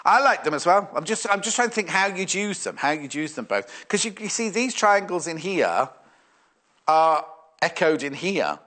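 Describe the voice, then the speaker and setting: A man's high, sing-song voice, pushed and bright, carries at a moderate pace through a live fabric sales demonstration on a shopping channel. Between chatty musings, he reads out the messages viewers send.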